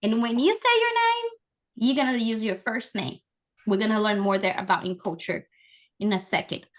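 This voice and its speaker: A woman's voice: on the high side, lively intonation, normal speed. A woman from Brazil, leading an online language lesson with call-and-repeat drills in an upbeat, encouraging, chatty way over a video call. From Brazil, Amazonas. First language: Portuguese. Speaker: language and culture trainer.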